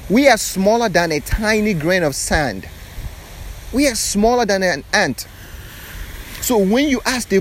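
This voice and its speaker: A man's voice: high-pitched, a little hiss or hum. A man giving an earnest spiritual monologue outdoors on a beach, firing off repeated rhetorical questions. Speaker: spiritual speaker.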